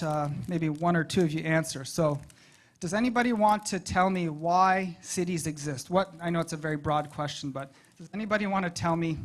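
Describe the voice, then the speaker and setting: Conversational public meeting presenter. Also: medium pitch. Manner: conversational, asks the audience questions. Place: meeting room.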